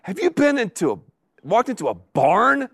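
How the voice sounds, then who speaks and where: A middle-aged pastor preaching a sermon to a live congregation, with animated delivery and emphatic repetition. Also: male voice, high-pitched, moderate pace, dry recording, clean studio sound.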